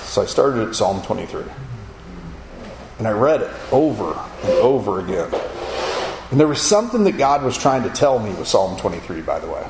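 A man's voice: fairly low pitch, big pitch swings, moderate pace, reverberant, background noise. A man giving a spoken testimony to an audience, telling his story vividly and acting out the voices of the people in it. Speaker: speaker giving a personal testimony.

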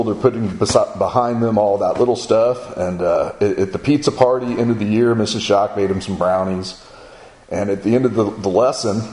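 A middle-aged man preaching in a conversational way, acting out his son's and others' lines in a higher voice. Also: darkish tone, roomy sound, a little hiss or hum, low-quality recording. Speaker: speaker at a men's gathering. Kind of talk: sermon-style storytelling.

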